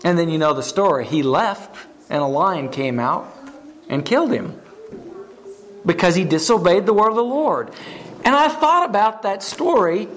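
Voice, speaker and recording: Retelling a story in his sermon, a very high-voiced preacher stops now and then to put questions to the congregation and frequently repeats words. His intonation is lively, his pace moderate, and faint background noise is present.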